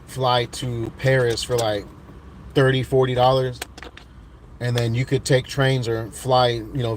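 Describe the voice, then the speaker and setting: On his livestream, a man from the United States in his thirties reads out chat comments, keeping things relaxed and rambling and restarting often. He has a mid-range voice, with slight background noise.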